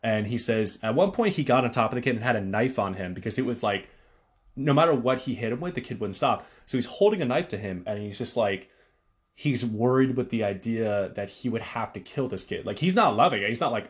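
A man's voice: medium pitch, expressive, fairly quick. A man hosting a solo podcast, talking casually in a rambling way with frequent fillers and restarts. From Connecticut, USA. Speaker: podcast host.

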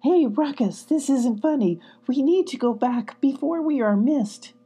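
A woman's voice: high voice, expressive, a little slow, warm tone, husky, voice pushed up, full character voice. A woman voicing an anxious young male kitten who pleads and frets over the rules, in a storybook reading. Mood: pleading worried. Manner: pleading, worried.

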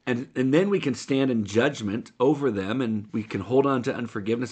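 A man's voice: medium pitch, fairly quick, hardly any pauses, a little mellow, slightly rough. A man preaching a sermon as a pastor, speaking earnestly and directly to his listeners, with occasional restarts.

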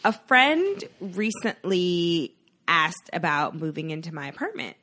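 A woman co-hosting a podcast, telling a personal story in a quiet, measured way during casual chat. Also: on the low side, lively intonation. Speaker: podcast co-host.

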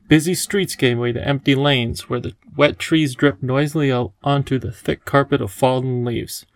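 A man reading an audiobook chapter as narrator, in steady, measured storytelling. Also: medium pitch, no room sound, rough recording. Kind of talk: scripted narration.

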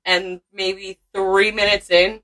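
A woman's voice: mid-range voice, level tone, takes it slowly, fairly bright tone, poor audio. A woman with a Boston accent, co-hosting a casual podcast chat, self-mocking and giggly. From Boston area.

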